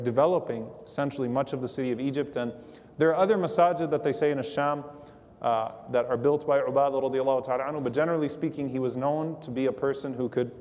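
A man giving a sermon to a live audience, animated, acting out the quotes in his stories and quizzing the crowd. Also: medium pitch. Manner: animated, acts out quotes, asks the audience questions. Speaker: preacher. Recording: long hall reverb.

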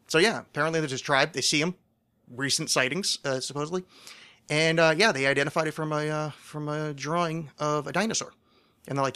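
Bright-voiced man rambling on a podcast. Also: on the high side, steady tone, fairly quick. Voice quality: rambling, profane, self-deprecating. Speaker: podcast host. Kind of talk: casual solo podcast monologue.

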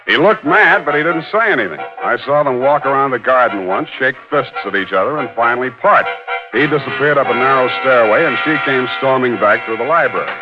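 A man's voice: mid-range voice, lively intonation, a little fast, natural voice. Man voicing a cynical hard-boiled male detective, dry sardonic narration, 1940s radio drama, muffled vintage broadcast, music behind. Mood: wry.

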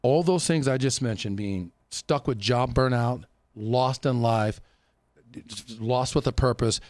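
A man's voice: mid-range voice, a little slow, no echo. A man hosting a casual studio chat, talking in an emphatic, preachy way and repeating his phrases. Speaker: podcast host.

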